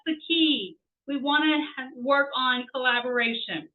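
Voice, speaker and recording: A middle-aged woman gives an upbeat leadership lesson and keeps repeating her key words to drive them home. Her voice sits a little high. It comes through thin and tinny, as over a phone, and a little away from the mic. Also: normal speed, recorded from a distance. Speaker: host and leadership instructor. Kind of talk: instructional video talk. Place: home office with a tin roof.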